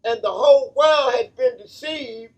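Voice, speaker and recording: A man with a strikingly high voice delivers a fervent, preacher-like monologue, circling back on his phrases with a repetitive cadence. He sounds set back from the microphone, so his voice carries a distant quality. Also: unhurried. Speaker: founder of a charity association.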